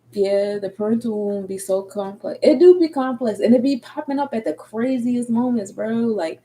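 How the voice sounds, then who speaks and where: A woman in her thirties with a Philadelphia accent, a tarot reader and energy coach, talks candidly on a casual livestream, using slang and cursing freely. Her mid-range voice is mellow, though the audio is poor.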